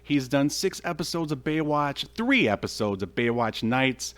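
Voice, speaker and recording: A man's voice: medium pitch, animated, moderate pace, a bit bright. A man hosting a podcast, talking casually and jokily with many fillers. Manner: jokey, filler-heavy. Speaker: podcast host.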